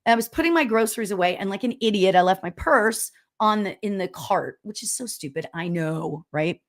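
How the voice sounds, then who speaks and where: Loud, chatty woman medium. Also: mid-range voice, fairly quick. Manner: loud, animated storyteller with frequent laughs and "you know?". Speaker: spiritual medium hosting a live stream. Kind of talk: casual livestream chat reading viewer comments.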